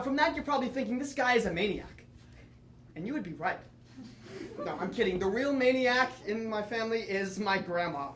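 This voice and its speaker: A teenage boy performing a solo comedy monologue, telling lively comic stories with asides to the audience. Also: high voice, roomy sound, noisy background. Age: teens. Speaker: student performer. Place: theatre or classroom with audience.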